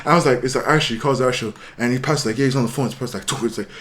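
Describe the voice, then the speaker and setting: A man's voice: medium pitch, rapid-fire, a crowd in the background. A young man from Ireland, telling a story casually as a podcast guest, full of fillers and restarts. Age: young adult. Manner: rambling, many fillers and restarts, acts out quoted voices. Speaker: guest musician.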